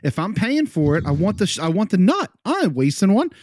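A man co-hosting a podcast argues his point with stubborn exasperation and plenty of swearing. His fairly high voice swings widely up and down, and the mic sound is dry and close. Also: sing-song, a little fast, a little mellow, no room sound. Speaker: podcast co-host. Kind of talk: casual banter.

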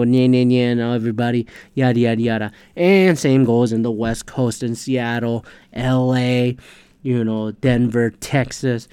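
A man's voice: mid-range voice, warm tone, clear, resonant tone, no room sound. A man hosting a podcast, ranting in a casual, heated, profanity-laced monologue. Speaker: podcast host.

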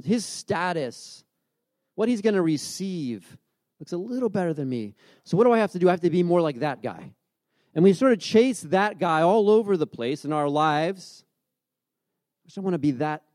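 High-voiced man preaching conversationally. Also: expressive, normal speed, a little mellow, no room sound, studio quality. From grew up by the beach. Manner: conversational, storytelling with many restarts. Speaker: pastor. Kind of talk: sermon.

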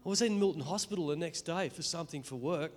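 With a fairly high voice, a middle-aged Australian man speaks his emotional, earnest testimony before a church, breaking off and beginning again as he talks.

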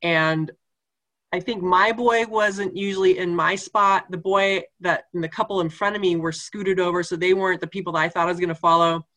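A woman's voice: fairly low pitch, fairly even intonation, normal speed, fairly bright tone. A woman guest telling a funny story in casual conversation, laughing often as she talks.

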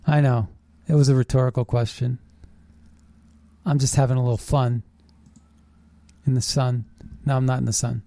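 A man hosting a show, delivering a fast, indignant and sarcastic political monologue. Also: medium pitch, dry recording. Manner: animated, indignant, sarcastic ranting. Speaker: political commentary host.

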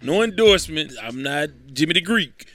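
Bright-voiced male sports talk host. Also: on the high side, lively intonation, normal speed, no room sound, soft background music. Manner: chatty, self-correcting, wry asides. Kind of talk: casual sports picks commentary.

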